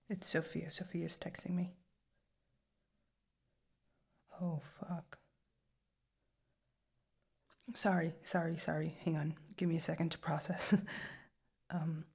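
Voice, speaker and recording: A woman's voice: fairly low pitch, vocal fry, darkish tone, breathy edge, heavily acted. A woman in whispered role-play as a young adult girlfriend, talking in a hesitant, rambling way with lots of restarts. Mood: flustered, apologetic.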